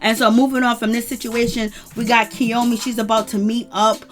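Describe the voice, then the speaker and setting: A woman's voice: a little high, little pitch movement, brisk, faint music behind. A woman hosting a reality TV recap in casual gossip style, opinionated and chatty, with lots of "you know" fillers.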